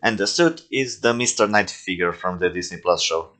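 A man's voice: low-pitched, animated, moderate pace, sharp tone. A young man who is not a native English speaker, casually commenting on his own toy movies, rambling with many fillers and self-corrections.

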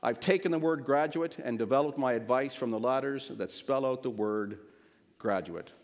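A man preaching a sermon to a congregation, reading a rhyming story aloud in a lively, rhythmic way before giving advice. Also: medium pitch, moderate pace. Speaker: pastor. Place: church. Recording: long church reverb.

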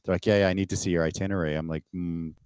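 A man from Canada, a podcast guest, telling a story in casual, animated talk over a remote call, swearing and acting out the exchanges he quotes. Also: sits low, very fast, clean tone, no room sound. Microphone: remote call mic.

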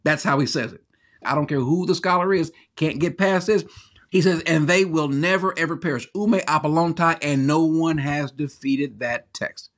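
A man's voice: on the high side, normal speed. A man who teaches the Bible, preaching online in an emphatic, teasing way and repeating words hard for stress.

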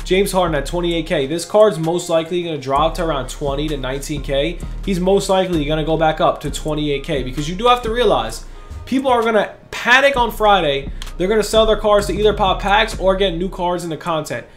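Hype young dude, high voice, fast gaming commentary, a bit out of breath, soft music underneath. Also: male voice. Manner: fast, hyped, repeats words while talking. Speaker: gaming YouTuber. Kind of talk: casual gameplay commentary.

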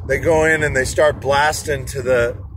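A man's voice: medium pitch, fairly even intonation, normal speed. A man, an inspirational speaker, telling a motivational story from his car in traffic, rambling with fillers. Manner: rambling, many fillers and restarts. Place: car in rush hour traffic.

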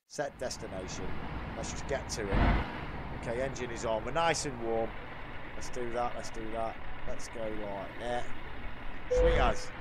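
A man casually chatting to viewers while streaming a truck driving game, swearing freely. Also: medium pitch. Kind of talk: live-stream gameplay chat. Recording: loud game engine noise behind.

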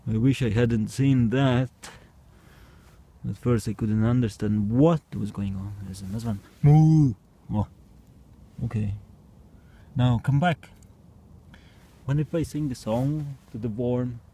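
Slow, mellow-voiced man musing outdoors. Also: mid-range voice, steady tone, slightly rough. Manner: hesitant, wondering, with bursts of mooing, barking and meowing. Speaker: vlogger. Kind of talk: casual experiment commentary. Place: outdoors at night.

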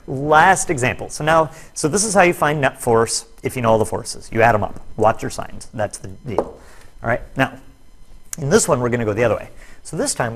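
Against a noisy background, a medium-pitched man delivers a recorded physics lesson on net force. He explains worked examples step by step, with jokey asides at his own expense.

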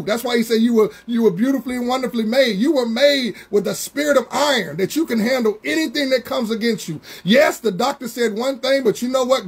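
A man preaching a Bible study sermon, drawing words out slowly for emphasis and calling out to members of the congregation. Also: very high voice, husky. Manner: preaching with slow, drawn-out emphasis and call-outs to congregation members.

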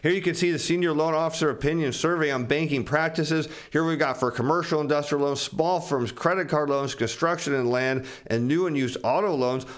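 A man's voice: fairly high pitch, fairly quick, hardly any pauses. A man giving casual financial commentary as he walks through charts, explaining them to viewers he calls his friends and acting out what bankers and borrowers would say. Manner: acts out bankers and borrowers in quoted asides.

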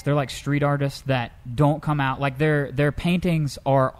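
A man co-hosting a comedic news-story show, telling tales in a lively, animated way. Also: measured pace, loud music behind the voice. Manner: lively storyteller, jumps into high pitch for characters. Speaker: co-host.

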